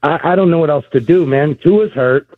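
A wry, articulate male caller with a mid-pitched voice. He comes through a tinny phone line with a dry sound. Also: normal speed, no echo.

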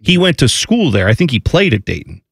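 A man's voice: mid-range voice, very animated, brisk, creaky, husky, no room sound, clean studio sound. Rambling man on a radio show. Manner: rambling, self-mocking. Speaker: radio co-host. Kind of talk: casual morning radio chat.

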